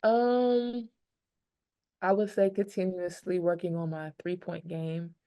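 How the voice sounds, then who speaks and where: A woman with a low, gravelly voice and a dark, mellow tone. She answers press questions openly and with emotion, close to tears. She trails off into plenty of fillers. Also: little pitch movement, slow pace. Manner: candid, rambling with many fillers. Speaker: pro basketball player.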